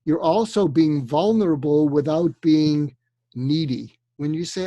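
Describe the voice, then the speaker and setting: Older man, guest expert, calm coaching tone, acts out dialogue, fairly high voice, dry close sound. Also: unhurried, no room sound. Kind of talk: conversational advice-giving.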